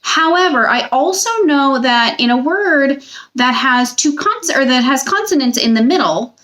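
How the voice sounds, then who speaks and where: A woman's voice: sits high, expressive, fairly bright tone. A young woman teacher giving a recorded spelling lesson to children, patient and drawing out each word. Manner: patient, slow, stretches out words.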